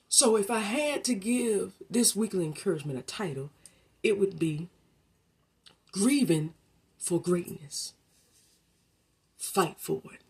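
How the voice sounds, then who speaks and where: A woman giving a faith-based motivational talk, preacherly and colloquial, addressing the listener directly and swinging from hushed to emphatic. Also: on the low side, slightly rough. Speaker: motivational speaker.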